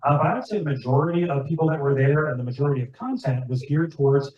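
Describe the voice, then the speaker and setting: Guy rambling to a club crowd, voice a bit high, sounds far off in a big echoey room. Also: steady tone, fast, lo-fi sound, a little hiss or hum. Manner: chatty, rambling, asks the room questions. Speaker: club demonstrator giving a talk. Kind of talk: casual club talk to an audience.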